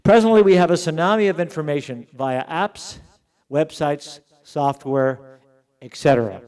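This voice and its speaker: A middle-aged man giving a conference keynote, emphatic, slowing down and repeating words to stress his points. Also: fairly high pitch, a little mellow, clean tone. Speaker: keynote speaker at an education summit. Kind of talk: conference speech.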